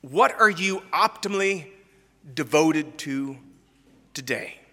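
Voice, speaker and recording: This man's sermon moves slowly but forcefully, his high-leaning voice bright and animated as he fires rhetorical questions at the congregation. The pastor's emphatic words echo with long hall reverb.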